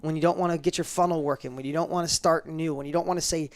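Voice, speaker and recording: A middle-aged man telling a personal story in an interview, fast and emphatic, acting out the dialogue he quotes. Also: on the high side, steady tone.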